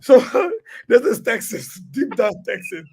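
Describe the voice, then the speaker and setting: A middle-aged man from Liberia with a Liberian accent, telling a story in a lively, animated way on a radio talk show. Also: very high voice, slow pace, vocal fry, breathy edge. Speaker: radio guest. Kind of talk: storytelling in conversation.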